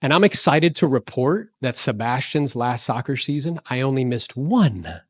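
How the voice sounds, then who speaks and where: A man in his forties giving an energetic motivational talk to a live audience, telling stories and asking the crowd questions. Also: medium pitch, normal speed, dry recording. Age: 40s. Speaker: real estate speaker.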